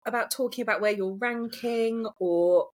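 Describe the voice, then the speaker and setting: Posh british lady w a cold, kinda husky, chatty and self-deprecating podcast guest. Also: a little high, normal speed, darkish tone. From United Kingdom. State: has a cold. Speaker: guest author. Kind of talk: casual podcast chat.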